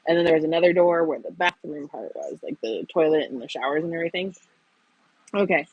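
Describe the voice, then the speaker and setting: Husky woman telling stories on a stream. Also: deep voice, a little fast, dry recording, lo-fi sound. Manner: storytelling, laughs often. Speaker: streamer host. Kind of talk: casual chat. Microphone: earbuds.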